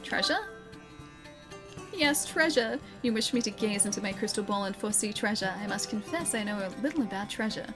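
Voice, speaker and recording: A woman's voice: medium pitch, lively intonation, fairly quick, music in the background, natural voice. A woman with an Australian accent reading the lines of a goofy older male fortune teller from a game, with theatrical, mystical phrasing.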